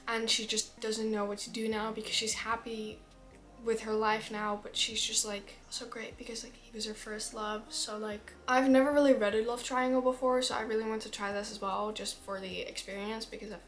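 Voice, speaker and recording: A woman's voice: a little high, fairly bright tone. A teenage girl chatting casually about books, rambling and full of fillers. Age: teens. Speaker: book vlogger. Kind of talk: casual chat.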